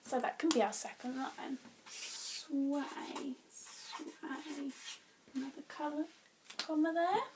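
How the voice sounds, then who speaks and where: A young woman teaching young pupils, patiently counting syllables aloud and thinking out loud, at times whispering to herself. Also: high-pitched, a little fast, noisy background. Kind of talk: modelling a lesson for young pupils.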